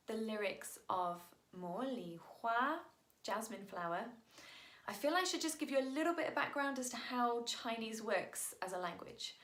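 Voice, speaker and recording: A woman's voice: a little high, echoey room. A woman singer patiently explaining song lyrics to viewers, in an upbeat manner, sounding out Mandarin tones as she goes.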